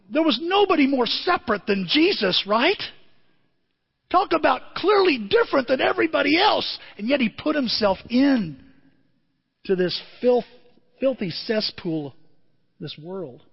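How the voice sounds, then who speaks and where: A man preaching a sermon as pastor, animated, swinging from loud emphasis to quiet asides. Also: very high voice, gravelly, slightly rough, in a large hall, highs cut off. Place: church.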